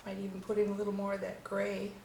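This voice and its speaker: A watercolor instructor talks fast in a warm, gravelly, mid-range voice with a monotone delivery. Even so, she's enthusiastic and chatty as she paints her demonstration. The room is echoey, with faint noise.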